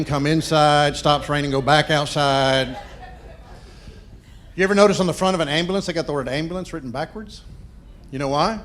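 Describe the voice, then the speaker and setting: A middle-aged man doing stand-up comedy, chatting playfully and quizzing the audience. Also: fairly high pitch. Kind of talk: stand-up comedy with crowd work.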